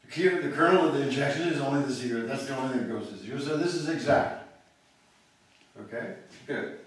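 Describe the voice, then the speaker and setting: A man's voice: a little high, a bit bright. A male mathematics professor giving a university lecture, thinking aloud and often checking in with the class. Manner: thinking aloud, frequent restarts and checks with "okay?". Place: large echoey lecture room. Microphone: distant room mic. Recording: very echoey hall, voice from far off, faint noise.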